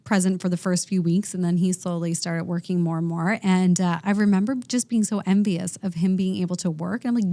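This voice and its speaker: A woman's voice: on the low side, fairly even intonation, normal speed, dark tone, dry recording. Frank, chatty woman podcast host. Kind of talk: casual podcast chat.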